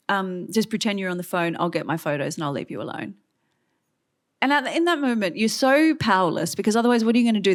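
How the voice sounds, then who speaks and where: A woman in her thirties with an Australian accent, a guest on stage telling a story in lively, chatty fashion with many fillers and acted-out quotes. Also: medium pitch. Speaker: guest author. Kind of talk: on-stage conversation. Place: stage event before an audience.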